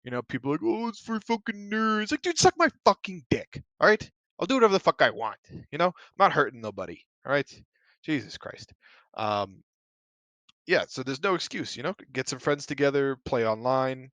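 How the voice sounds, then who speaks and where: A man with a mid-range, fairly bright voice hosts a casual solo podcast, recorded with no echo. He talks bluntly and profanely, working himself into heated rants packed with fillers like "you know" and "like."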